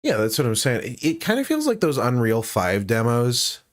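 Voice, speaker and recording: A man's voice: mid-range voice, huge pitch swings, moderate pace, dry recording, clean studio sound. A man co-hosting a casual reaction chat, joking and sarcastic, swearing freely. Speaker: co-host reacting to a trailer.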